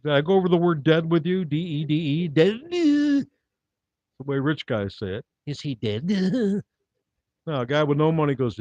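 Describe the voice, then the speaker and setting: A man doing live-streamed stand-up comedy, delivering wry, rambling one-liners in a deadpan manner. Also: a little high, dry recording. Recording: dull dry lo-fi recording.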